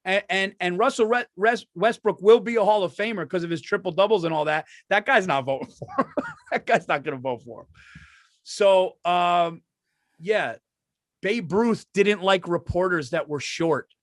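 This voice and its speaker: A middle-aged man co-hosting a podcast, telling animated stories and acting out quotes in casual chat. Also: sits high, normal speed, dry recording. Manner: animated storyteller, acts out quotes. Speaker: podcast co-host.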